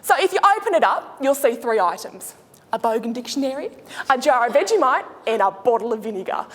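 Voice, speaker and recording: A speech contestant with an Australian accent plays a brash, chatty female flight attendant in a comic after-dinner speech, broad and slangy with deadpan jokes. Her voice is a little high and fairly quick, recorded with echo in a large hall.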